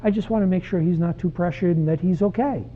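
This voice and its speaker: A man voicing an anxious, rushed mother who explains herself quickly, in a tinny phone-like recording. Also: sits high. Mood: worried. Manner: hurried, explaining.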